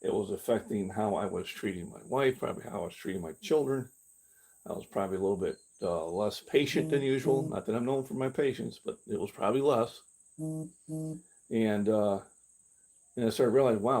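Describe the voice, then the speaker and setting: An older man talks through a meandering live stream in a husky, slightly breathy voice. He speaks candidly, doubling back and restarting his sentences, and now and then mimics his own past reactions in a mocking tone. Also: lowish voice, expressive, moderate pace, mellow. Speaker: fitness channel host. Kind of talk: rambling live-stream talk. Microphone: camera he carries himself.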